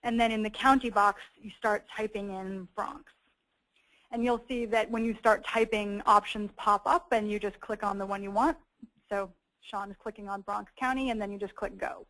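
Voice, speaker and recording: A woman's voice: mid-range voice, steady tone, moderate pace, a bit bright, rough recording. Woman presenting a webinar. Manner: explanatory, friendly, with frequent um and uh fillers. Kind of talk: presenting a webinar with a screen walkthrough.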